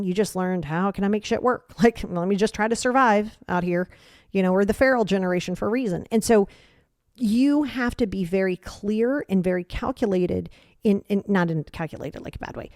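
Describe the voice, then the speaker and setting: A woman's voice: medium pitch, a little mellow, no echo, clean studio sound. A middle-aged woman hosting a solo podcast, giving blunt, emphatic tough-love advice about emotions as a coach.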